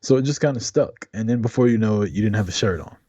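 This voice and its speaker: A man's voice: lowish voice, quick pace, mellow, breathy edge, dry recording. A man co-hosting a casual live-stream podcast, laid-back and teasing, talking to the chat. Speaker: podcast co-host.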